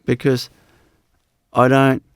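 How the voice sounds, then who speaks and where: A man giving a live spiritual talk as teacher, unhurried and repeating his phrases with many "you know"s. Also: medium pitch, monotone, clear, resonant tone, dry recording, clean studio sound.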